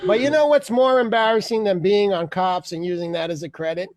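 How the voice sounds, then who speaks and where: A man hosting a comedy open mic over a video call, telling stories loudly, laughing often and acting out voices. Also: high voice, fairly even intonation, a little slow, pauses often. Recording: noisy video call audio.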